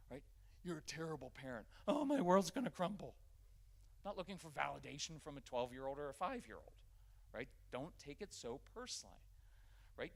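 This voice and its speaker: A man's voice: on the high side, gravelly. A man in his fifties giving a live parenting workshop, joking and acting out parent-child dialogues. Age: 50s.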